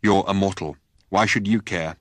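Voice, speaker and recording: A man's voice: low-pitched, steady tone, normal speed, a bit bright, dry recording. A man voicing a gloomy, taciturn old male god who talks in terse, clipped phrases. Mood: grim.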